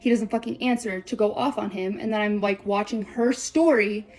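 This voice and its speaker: Her voice is mid-range and a little mellow as this young vlogger describes a breakup. She speaks bluntly and profanely, cursing nonstop in quick, run-on sentences.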